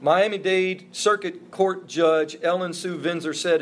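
A man's voice: high voice, steady tone, a little slow, few pauses, fairly bright tone, slight background noise. A man preaching a sermon as a pastor, earnest and emphatic, with repeated phrases for stress. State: emotional, voice breaking.

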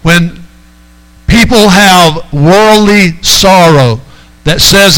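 A man's voice: fairly high pitch, slow pace, sharp tone, smooth, low-quality recording. A man preaching a sermon as pastor, driving his points home and calling out to the congregation. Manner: preaching with rising emphasis and call-outs to the congregation.

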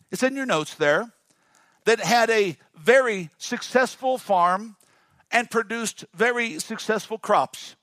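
A male pastor with a fairly high voice delivers a dynamic sermon. He calls on the congregation to say words back to him. The sound is dry and close. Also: a bit bright, no echo. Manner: dynamic, call-and-response with the congregation.

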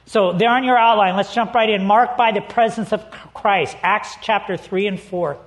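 A man's voice: sits high, normal speed. A man preaching as a pastor, telling a personal story with humor and acting out the people in it before reading scripture. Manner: lively storyteller, acts out quotes, laughs easily.

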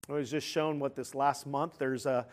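A man preaching a sermon in an animated, emphatic way, with sudden loud outbursts and questions put to his listeners. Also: mid-range voice, normal speed.

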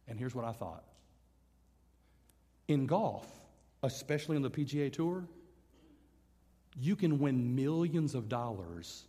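Husky preacher man with lively swings. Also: medium pitch, measured pace, long pauses. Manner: storytelling, acting out dialogue with sudden loud emphatic rises. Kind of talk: sermon. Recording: long hall reverb.

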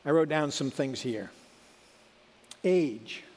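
A man's voice: fairly high pitch, lively intonation, slow, a little mellow, long reverb tail. A middle-aged man giving a sermon in a conversational, folksy way, with asides and restarts. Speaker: preacher.

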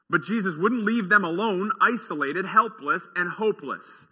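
A man preaching an earnest, measured sermon as a pastor in a church, letting his phrases trail off softly. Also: high-pitched, slightly rough, long reverb tail.

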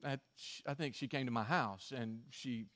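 A male pastor preaching a sermon and telling a story, swinging from emphatic stretches to hushed ones. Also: medium pitch, normal speed.

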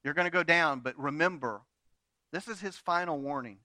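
God as a stern, commanding voice, laying down orders flatly, in a preacher's own voice. He sounds bright, in a dry, close recording. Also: a little high, normal speed, dry recording.

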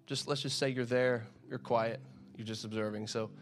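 A man's voice: medium pitch, fairly even intonation, moderate pace. Man, casual sermon, conversational preacher, stumbles and repeats words, faint music underneath. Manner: conversational, repeats words, acts out crowd shouts. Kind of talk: casual sermon with scripture reading.

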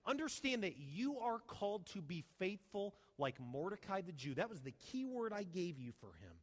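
Male pastor, high expressive voice, animated storytelling sermon, reverberant hall sound. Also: normal speed. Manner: animated storytelling with rhetorical questions.

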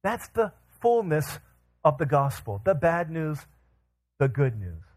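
A pastor in his thirties preaches a sermon through animated storytelling, acting out the quotes in different voices. His voice is fairly high and a little slow.

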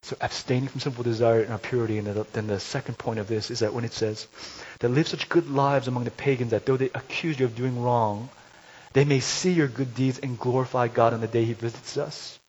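A man preaching a sermon, telling a story and rising to loud, emphatic peaks. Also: medium pitch, steady tone, a little fast, husky. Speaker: pastor. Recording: dull lo-fi recording with faint hiss.

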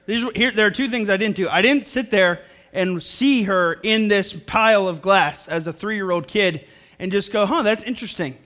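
A young male pastor preaches to a congregation in a church with a rather high voice. He speaks earnestly and comes back to the same phrases again and again to drive each point home. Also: moderate pace, pushed and bright. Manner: earnest, repeats phrases for emphasis, talks to the congregation. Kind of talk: sermon. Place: church service before a congregation.

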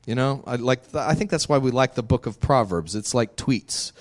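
A man's voice: mid-range voice, expressive, normal speed. A male pastor preaching a sermon in a candid, conversational way, laughing often.

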